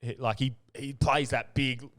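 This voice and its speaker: A man's voice: mid-range voice, steady tone, unhurried, dry recording. A man, hosting a casual podcast chat, swearing often and laughing. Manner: sweary, laughs, jumps into loud impressions of friends. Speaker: podcast host.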